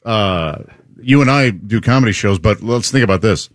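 A man's voice: fairly low pitch, lively intonation, normal speed, dry recording, clean studio sound. A male comedian co-host joking wryly in casual banter. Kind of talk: casual talk show banter. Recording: loud crowd noise behind.

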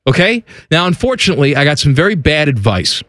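Middle-aged man, radio co-host, lively pitch, dry studio sound. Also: fast, no echo. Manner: joking, animated storyteller. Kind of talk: casual banter. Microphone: studio microphone with headphones.

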